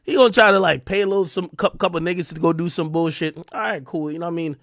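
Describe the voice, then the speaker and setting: A man with a New Jersey accent hosting a livestream, delivering a heated, taunting rant that swings between loud jabs and low mutters. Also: fairly even intonation, quick pace, dry recording, studio quality. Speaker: livestream host. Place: home streaming room.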